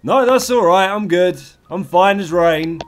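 A man doing comedic let's play commentary, profane and theatrical, yelling at the game and its maker. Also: sits high, a little slow.

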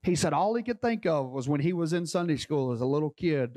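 A man's voice: a little high, fairly quick, hardly any pauses, darkish tone. A man preaching a sermon as a pastor, telling a story with emphatic repetition.

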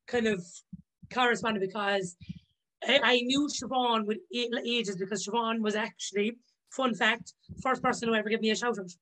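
Woman guest, heartfelt and upbeat, a bit high. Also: steady tone, moderate pace, a bit bright, poor audio. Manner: upbeat, heartfelt, acts out quoted speech. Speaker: podcast guest. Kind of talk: casual interview chat.

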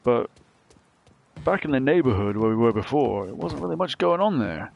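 A man giving casual let's play commentary, thinking out loud about the game as he plays. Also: mid-range voice, expressive, moderate pace, gravelly, breathy edge. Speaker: gaming channel host.

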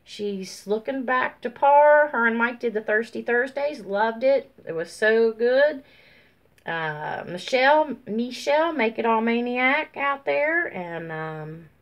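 A woman vlogger giving casual, rambling shout-outs to her viewers over a phone, full of ums and folksy warmth. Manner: high sing-song baby talk to her dog. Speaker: YouTube vlogger.

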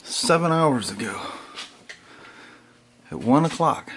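A man's voice: mid-range voice, takes it slowly. Rambling man vlogging outdoors. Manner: rambling, excitable, laughs often. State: out of breath. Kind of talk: casual vlog talk. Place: outdoors, yard and on a motorcycle. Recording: clear outdoor noise, vehicle sounds.

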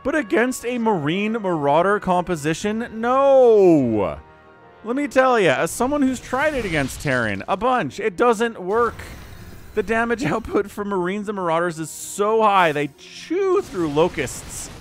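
A man doing video game commentary, animated and incredulous, laughing often and turning sarcastic. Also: high voice, normal speed, faint music behind. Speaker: game caster.

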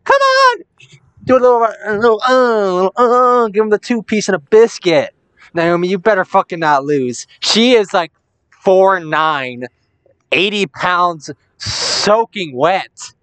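A young woman doing let's play commentary, brash, excitable and swearing often. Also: mid-range voice, unhurried, no room sound. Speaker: gaming commentator.

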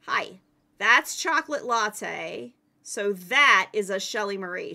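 A woman streaming a game live, chatting playfully with viewers and teammates, excitable and given to yelling. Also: medium pitch, slow pace, creaky. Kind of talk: casual live-stream chat while playing.

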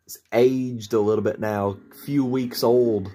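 A man's voice: mid-range voice, steady tone, a little slow, dark tone. A man giving playful, joking commentary while playing a video game. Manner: playful, jokey, talks to himself while playing. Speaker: gameplay commentator. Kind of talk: let's play commentary.

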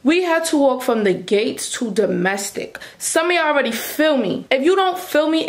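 A young woman talking casually to her viewers in a vlog, chatty and animated as she recounts her day. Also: fairly high pitch. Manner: chatty, addresses viewers as y'all. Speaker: vlogger.

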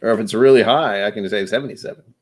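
A man's voice: on the low side, fast, a little mellow. Tipsy man rambling on a livestream. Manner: loose, self-mocking, jokey asides. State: a bit tipsy from whiskey. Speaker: livestream host. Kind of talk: casual rambling livestream chat.

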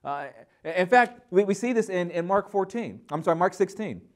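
Emphatic high-voiced male preacher. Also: normal speed. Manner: energetic, emphatic, repeats words when starting phrases. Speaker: pastor teaching a Bible lesson. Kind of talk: sermon.

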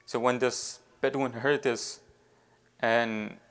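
Halting male preacher telling a story. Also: mid-range voice, steady tone, smooth. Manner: halting, with many fillers and restarts, weaving in devotional phrases. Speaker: Islamic preacher. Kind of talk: storytelling sermon.

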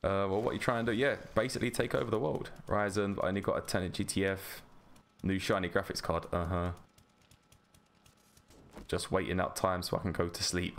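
A man's voice: on the low side, fairly bright tone, slight background noise. A man with a London accent chatting casually on a live stream while playing a game, greeting viewers by name. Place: home gaming room.

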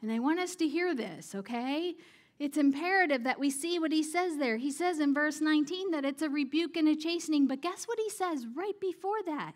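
High-voiced woman preaching conversationally. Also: expressive, brisk. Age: adult parent. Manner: conversational, asks the audience questions; laughing at her own jokes. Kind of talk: sermon.

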